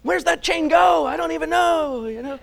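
Dude doing a catty high-pitched church gossip, judgy and nosy. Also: male voice, moderate pace, creaky, a little hiss or hum. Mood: gossipy. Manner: mocking, gossipy exclamations.

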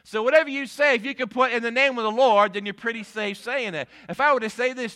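Fervent preaching pastor, bright voice. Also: male voice, very high-pitched, a little fast, hardly any pauses. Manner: preaching with rising emphatic peaks, repeated "amen" and "guess what". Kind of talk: sermon.

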